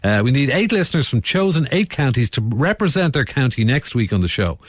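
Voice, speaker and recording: Lively Irish radio host, man. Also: mid-range voice, brisk, no echo. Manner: chatty, jokey, banters with co-host. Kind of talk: upbeat radio chat. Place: radio studio. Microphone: studio microphone.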